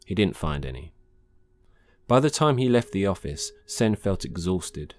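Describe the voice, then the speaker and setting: Deep-voiced man reading a story. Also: slight background noise. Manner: calm, measured reading. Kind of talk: scripted narration.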